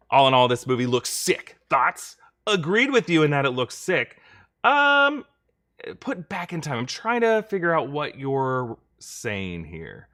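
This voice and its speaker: Young male host, casual livestream Q&A, chatty and bright. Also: mid-range voice. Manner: chatty, reads viewer questions, thanks donors. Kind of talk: live-stream reaction Q&A.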